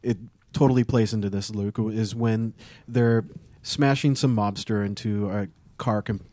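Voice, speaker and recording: A man's voice: lowish voice, unhurried, dry recording. A man in casual podcast chat, animatedly recounting scenes. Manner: animated storyteller, quotes lines.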